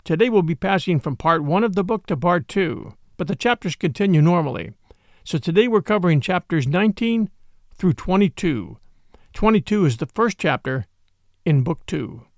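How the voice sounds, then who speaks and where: Animated gravelly male storyteller. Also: high-pitched, no room sound, studio quality. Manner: measured, expressive storytelling. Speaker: podcast reader. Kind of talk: scripted audiobook narration.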